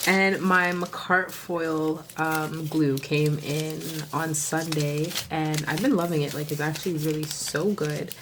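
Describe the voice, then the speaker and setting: A woman with a Southern US accent chatting casually through a haul video, full of fillers and sudden gasping excitement. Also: low voice, slow pace, few pauses, background noise. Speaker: nail vlogger.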